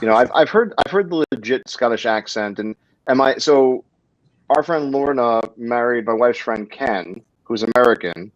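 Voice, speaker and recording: A man's voice: mid-range voice, expressive, moderate pace, no room sound. Chatty man hosting a livestream. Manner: chatty, jokey, self-interrupting. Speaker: livestream host. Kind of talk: casual live interview chat. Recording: dull lo-fi livestream audio.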